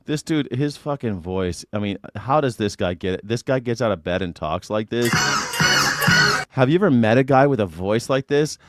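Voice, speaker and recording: A man's voice: mid-range voice, expressive, a little fast, hardly any pauses, loud music behind the voice. A man hosting a casual livestream reaction show, chatting with his viewers and cursing freely. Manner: chatty, cursing, talking to chat. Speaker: livestream host.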